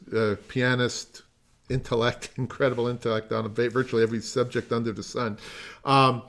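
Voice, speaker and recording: A man teaching a music masterclass over a video call, explaining at length, trailing off into asides and singing phrases to demonstrate them. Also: mid-range voice. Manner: explanatory, digressive, sings phrases.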